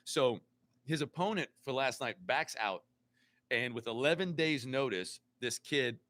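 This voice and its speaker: A man's voice: mid-range voice, expressive, a little slow, a bit bright. A man hosting a casual podcast chat, rambling and repeating words as he searches for them. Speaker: podcast host.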